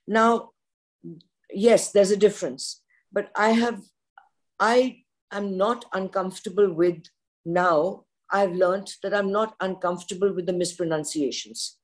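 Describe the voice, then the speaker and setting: An older woman with an Indian English accent talks in a forthright, opinionated way. She is a veteran journalist on a podcast panel, and her pitch sits in a middle range. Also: steady tone, measured pace.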